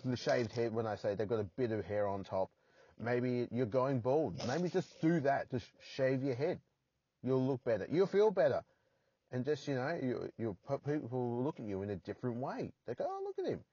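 A man's voice: mid-range voice, normal speed, mellow, breathy edge, no room sound, muffled recording. An Australian man hosting a solo podcast from his parked car, rambling and poking fun at himself with crude jokes. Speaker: podcast host.

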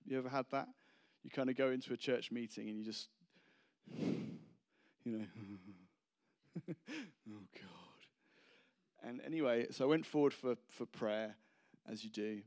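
A man's voice: mid-range voice, fairly even intonation, brisk, hardly any pauses, a little mellow, clear, resonant tone. A man preaching a casual, humorous sermon, rambling and self-deprecating between anecdotes.

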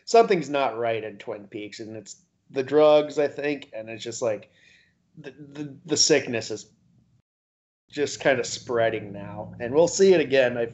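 Brief: male podcast co-host, casual, laughs a lot, swears freely, mid pitch, muffled lo-fi audio. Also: unhurried, darkish tone. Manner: laughs often while theorizing, loose and profane. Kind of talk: casual chat. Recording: dull lo-fi recording.

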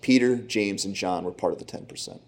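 A man's voice: low voice, fairly quick, slightly rough. Man preaching a dramatic sermon. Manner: dramatic storytelling, acts out Bible characters.

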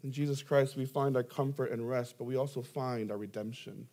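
A man's voice: medium pitch, little pitch movement, brisk, warm tone. A young adult man, a pastor preaching a sermon, telling stories with self-deprecating humor and emphatic rises.

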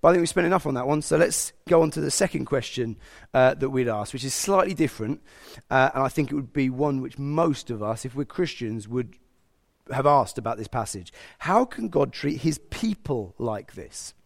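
Gravelly-voiced male preacher. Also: medium pitch, a little fast. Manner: animated, acts out God's inner voice. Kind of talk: sermon.

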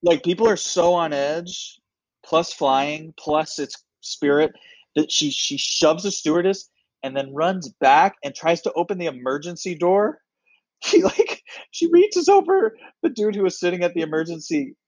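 Animated man telling a story. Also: fairly high pitch, a little slow, no room sound, poor audio. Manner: animated, acts out other people's lines. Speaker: comedian guest. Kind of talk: casual storytelling chat.

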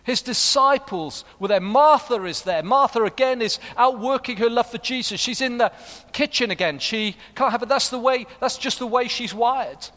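High-voiced pastor in reverberant hall. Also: male voice, normal speed, few pauses, pushed and bright. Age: middle-aged. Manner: earnest, building to fervent appeals. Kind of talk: sermon. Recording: long reverb of a large hall.

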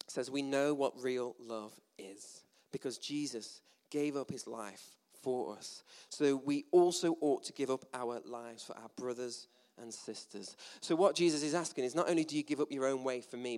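A man's voice: mid-range voice, lively intonation, moderate pace, a little mellow. A British man giving a sermon in a church hall, chatty and self-deprecating, with jokey asides. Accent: British English. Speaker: preacher. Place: church hall with a gathered audience.

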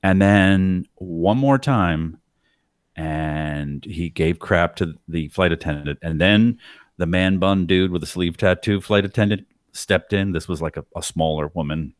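A man's voice: low voice, a little slow, dry recording, studio quality. A man in casual podcast chat, telling a story and mimicking the people in it. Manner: animated, does voices of people in his stories.

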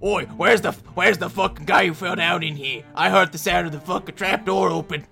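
Man doing a loud, crude ogre jailer. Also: high-pitched, steady tone, a little fast, soft background music, heavily acted. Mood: irritated. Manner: crude, swearing, gruff shouting. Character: ten-foot chubby brutish orc jailer.

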